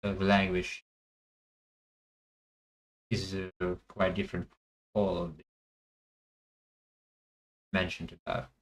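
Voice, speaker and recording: A man thinking aloud as he plays a language guessing game, hesitant and full of pauses and fillers. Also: sits low, little pitch movement, rough recording. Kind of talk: thinking aloud while playing.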